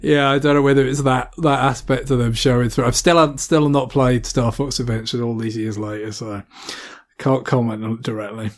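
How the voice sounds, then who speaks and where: Hesitant, rambling podcast co-host. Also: male voice, mid-range voice, fairly even intonation, normal speed. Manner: rambling, hesitant, many fillers and restarts. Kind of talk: casual gaming podcast chat.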